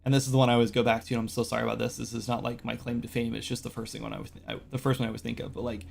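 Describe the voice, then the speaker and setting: A man's voice: medium pitch, little pitch movement, rapid-fire, gravelly, slight background noise. A man hosting a casual game-development live stream, rambling with lots of "like" and "right?" fillers. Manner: quotes game characters in brief voices.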